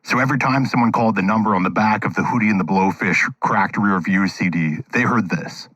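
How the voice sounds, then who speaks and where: A man's voice: lowish voice, fairly quick, a bit bright, no room sound. A man narrating a documentary-style radio story in a wry, dramatic manner.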